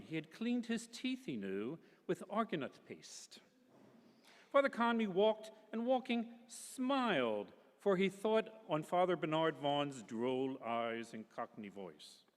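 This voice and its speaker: A man reading a novel aloud at a public literary festival, expressive and characterful, shifting his voice between narration and the people in the story. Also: fairly high pitch, in a large hall.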